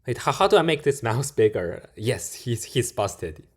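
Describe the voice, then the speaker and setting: Man, casual reaction commentary, indignant, mid-pitched. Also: very animated, moderate pace. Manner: indignant, plain-spoken, with slips and restarts. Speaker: video reactor. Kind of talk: casual commentary over a news clip.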